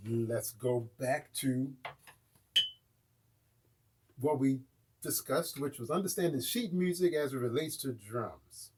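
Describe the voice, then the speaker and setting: A man's voice: medium pitch, slight background noise. A man with an American accent teaching a casual live online drum lesson and often checking in with his viewers.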